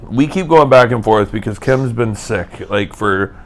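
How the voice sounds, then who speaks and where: A man's voice: on the low side, unhurried. A man co-hosting a podcast in easygoing casual chat, recorded in a hotel room. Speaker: podcast co-host.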